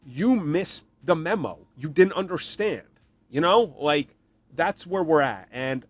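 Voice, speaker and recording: A man hosting a podcast, giving an animated, opinionated rant and mocking other fans in put-on voices. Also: a little high, unhurried, faint music behind. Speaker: podcast host. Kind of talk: opinionated solo commentary.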